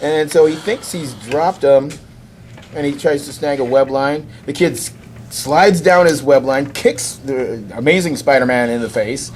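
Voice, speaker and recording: A man of middle pitch holds the floor on a casual podcast, walking his friends through a comic plot. He talks like a lively storyteller who can't wait to share the next bit. A faint background hiss runs beneath him. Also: a little slow. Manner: lively storyteller who acts out quoted lines. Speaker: podcast host. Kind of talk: casual chat retelling a comic.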